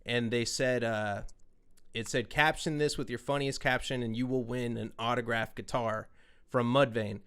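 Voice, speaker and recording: A man hosting a podcast, telling stories in a loose, profane, animated way. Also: medium pitch, moderate pace, clear, resonant tone. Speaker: podcast host. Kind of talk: casual chat, storytelling.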